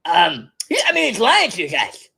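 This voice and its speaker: Someone doing a drunk old lady politician, stuttering and giggling, bright husky voice. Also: mid-range voice, huge pitch swings, moderate pace, full character voice. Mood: rambling. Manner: stammering, many false starts and giggles. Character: rambling tipsy older female politician, stammering. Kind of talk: comedic impression monologue.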